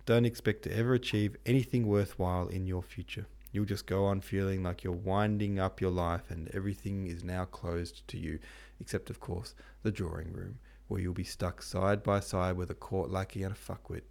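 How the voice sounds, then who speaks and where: Cold young prince, deep, gravelly voice, read by a man. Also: fairly even intonation, normal speed, darkish tone. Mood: bitter. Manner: curt, sweary.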